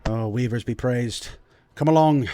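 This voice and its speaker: A man's voice: measured pace, mellow, no echo, natural voice. A man voicing a proud, commanding middle-aged male dwarf lord who speaks grandly in a tabletop game. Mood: hearty. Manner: pompous, booming and grand.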